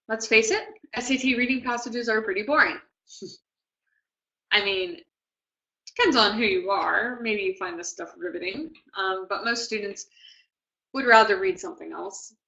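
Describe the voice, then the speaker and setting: A woman tutor giving a relaxed classroom lecture for test prep, often checking in with "okay?" and "right?". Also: medium pitch, highs cut off.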